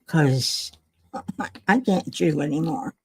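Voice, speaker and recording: A woman's voice: low voice, slow pace, a little hiss or hum. An older woman, tired and yawning, rambling wryly to herself while she crafts at home on a livestream. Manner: rambling, self-talking, wry and chatty. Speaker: livestream host. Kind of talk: casual chat while crafting.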